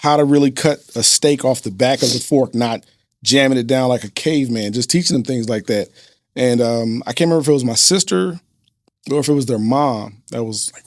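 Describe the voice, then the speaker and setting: A man's voice: mid-range voice, fairly quick, no echo, clean studio sound. Earnest middle-voiced male podcast guest. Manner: earnest, instructive storyteller with fillers. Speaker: guest, business owner and father. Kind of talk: casual interview chat.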